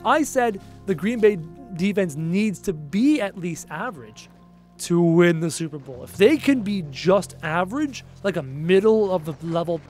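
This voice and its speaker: A tired man hosting a gaming livestream, casually rambling and reading viewer comments aloud, his phrases often trailing off quietly. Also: sits high. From Canada. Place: home.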